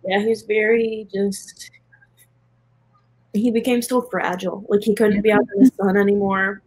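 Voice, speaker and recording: A woman's voice: mid-range voice, little pitch movement, unhurried, a little mellow, breathy edge, rough recording. A woman sitting for a psychic reading, giving short answers and laughing often. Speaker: sitter at a reading. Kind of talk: casual chat.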